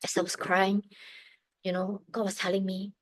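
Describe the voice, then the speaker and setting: A woman's voice: medium pitch, level tone, no echo, low-quality recording. Earnest woman, dry sound. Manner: earnest, emotional, halting with restarts. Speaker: testimony speaker. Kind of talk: personal faith testimony.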